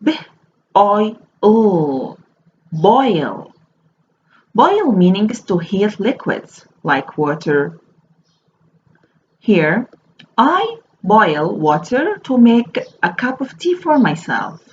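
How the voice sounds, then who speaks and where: A woman teaching a slow phonics lesson to young children. She spells each word out letter by letter and repeats it. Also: medium pitch, very animated. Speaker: primary school teacher. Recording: dull lo-fi recording with faint noise.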